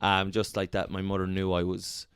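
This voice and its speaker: A man's voice: deep voice, monotone, normal speed, a bit bright, smooth, dry recording, clean studio sound. A man co-hosting a podcast, telling crude, rambling stories in a casual comedic chat. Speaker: podcast co-host.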